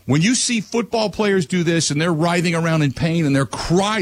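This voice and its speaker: A man hosting a radio talk show, giving blunt opinions and ranting, his voice climbing high when he gets worked up. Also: moderate pace, few pauses.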